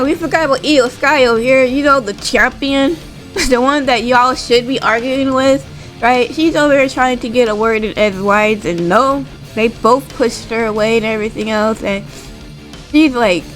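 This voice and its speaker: A woman's voice: fairly high pitch, moderate pace, faint music behind, poor audio. A woman casually recapping a wrestling show, rambling and tagging her sentences with "like" and "right?". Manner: rambling, full of "like" and "right?" tags.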